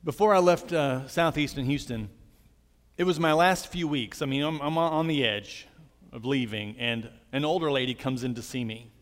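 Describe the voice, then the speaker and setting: A man preaching a sermon, earnest and gentle, telling personal stories as he speaks to the congregation. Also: medium pitch, normal speed, in a large hall. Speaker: pastor.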